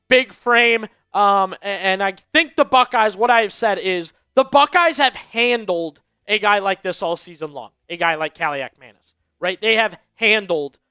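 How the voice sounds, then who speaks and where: A man's voice: high-pitched, pushed and bright, smooth, dry recording. A man hosting a live sports stream, giving casual pregame commentary and talking straight to his viewers, often repeating phrases for emphasis. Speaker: livestream sports show host.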